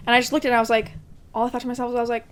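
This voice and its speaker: A woman's voice: fairly high pitch, little pitch movement, rapid-fire, a bit bright. Chatty young woman podcast co-host. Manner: chatty, swearing, laughs often. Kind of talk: casual chat.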